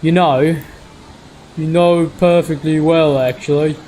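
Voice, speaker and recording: A man's voice: on the high side, fairly even intonation, slow, dark tone, slight background noise, poor audio. A man voicing an uneasy, apologetic man from the past in a visual novel, using a put-on accent.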